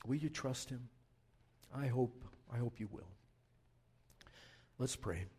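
A man preaching a sermon as pastor, passionate and urgent, dropping to a hushed, soft prayer. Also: medium pitch, a little slow, breathy edge. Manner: impassioned preaching, swinging from loud urging to hushed prayer. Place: church.

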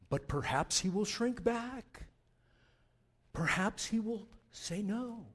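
A man preaching a sermon as pastor, passionate and urgent, dropping to a hushed, soft prayer. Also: high-pitched, very animated, takes it slowly, husky. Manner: impassioned preaching, swinging from loud urging to hushed prayer. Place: church.

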